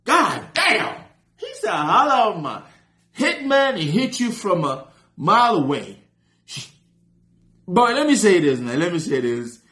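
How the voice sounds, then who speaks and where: A reaction host, a man with a high voice that swings widely in pitch, talking in loose slang and breaking into excited shouts. He comments casually on the track he is playing. The recording has a roomy echo. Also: a little slow, long pauses.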